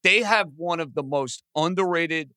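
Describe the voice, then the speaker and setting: Excitable, bright-voiced male sports podcaster. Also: fairly high pitch, clear, resonant tone, no echo. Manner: excitable, talks fast with lots of "like". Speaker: podcast co-host. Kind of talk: casual sports chat.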